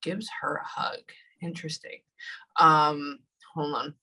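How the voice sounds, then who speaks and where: A woman giving a casual live reading, often pausing and dropping into soft whispers. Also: deep voice, fairly even intonation, poor audio. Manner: casual, pauses often with "hold on" and drops to whispers. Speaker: psychic medium.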